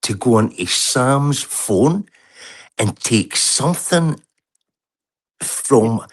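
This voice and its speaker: A man's voice: medium pitch, lively intonation, very slow, husky. A man on a video call, telling an angry, heated and sweary story with lots of restarts. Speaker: livestream guest. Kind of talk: heated casual rant.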